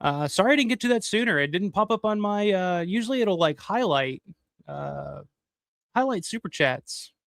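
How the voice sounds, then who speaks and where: A man's voice: high-pitched, expressive, moderate pace, vocal fry, a bit bright, no echo. A middle-aged man hosting a live stream, chatting loosely and profanely while thanking viewers by name. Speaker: livestream host. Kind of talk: casual live-stream chat.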